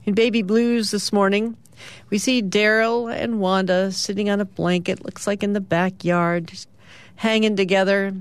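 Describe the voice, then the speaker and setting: A woman hosting morning radio, reading the comics aloud in a relaxed, chatty way with fillers. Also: medium pitch, moderate pace, clear, resonant tone, no room sound. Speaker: radio host.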